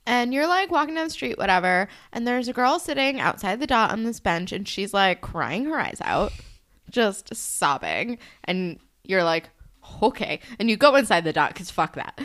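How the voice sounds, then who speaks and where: A woman's voice: mid-range voice, big pitch swings, normal speed, a bit bright. A young woman co-hosting a casual podcast, telling a made-up story in a rambling, jokey way full of "like". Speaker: podcast co-host.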